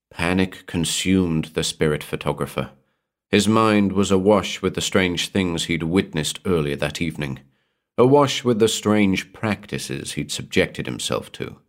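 A man reading a horror story aloud in a measured, atmospheric storytelling manner. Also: sits low, expressive. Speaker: narrator. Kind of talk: scripted horror narration.

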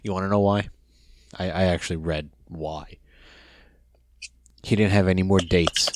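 Deep-voiced profane New Jersey man. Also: normal speed, very noisy. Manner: profane, storytelling, animated impressions. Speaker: podcast co-host. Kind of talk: casual chat over video call. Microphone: video call.

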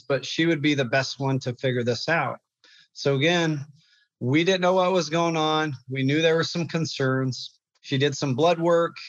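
Young male guest, halting emotional storytelling, dry close lo-fi sound. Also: fairly high pitch, no echo. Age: young adult. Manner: halting, repeats words when upset. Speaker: guest, clinical therapist.

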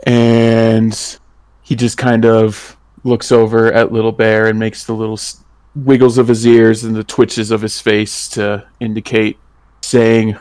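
A man's voice: on the low side, completely flat delivery, unhurried, a little mellow, dry recording. A man playing a tabletop game, talking casually and easily rattled. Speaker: player.

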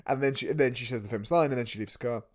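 A man's voice: mid-range voice, rapid-fire, over a noisy crowd. A man co-hosting a casual film chat, retelling plot and cutting in with wry, teasing remarks. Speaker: podcast co-host.

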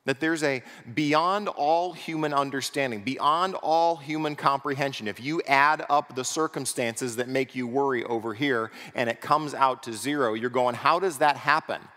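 A man's voice: medium pitch, moderate pace, few pauses, pushed and bright. Man preaching in a reverberant hall. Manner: conversational, asks the congregation rhetorical questions. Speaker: pastor. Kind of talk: sermon. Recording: long reverb of a large hall.

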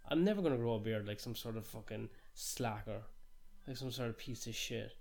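A man's voice: fairly low pitch, a little fast, creaky, darkish tone. Ranting sweary Englishman. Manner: ranting, sweary, jokingly outrageous. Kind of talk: casual chat.

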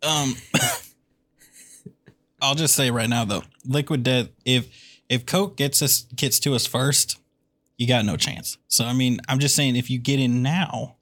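A man co-hosting a podcast, joking around with a mock sponsor pitch in casual banter. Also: slow pace, a bit bright. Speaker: podcast co-host.

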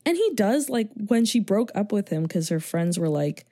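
A young woman in casual conversation about a movie, blunt and opinionated and quick to laugh. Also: mid-range voice, big pitch swings, dark tone, no echo, studio quality.

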